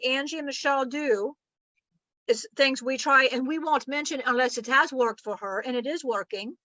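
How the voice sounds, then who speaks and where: A woman's voice: sits high, pushed and bright, no echo. A woman giving a rambling, chatty spiritual teaching and laughing often. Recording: muffled lo-fi recording.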